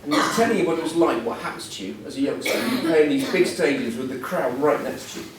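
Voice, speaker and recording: A man's voice: fairly high pitch, fast talker, a crowd in the background. Guest speaker, 60s, man. Self-mocking anecdotes, heard from a distance in a very echoey hall. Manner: self-deprecating, humorous storytelling. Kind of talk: anecdotal after-dinner talk.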